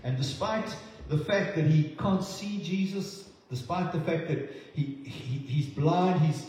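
A man preaching a sermon, halting with many fillers and restarts. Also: fairly high pitch, a little mellow, a little hiss or hum. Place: church hall. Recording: echoey hall from far off.

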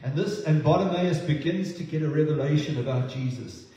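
A New man preaches a sermon, his slightly high voice stopping and restarting often with fillers. He sounds far from the mic, in a church hall with a long, roomy echo. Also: warm tone. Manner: halting, with many fillers and restarts.

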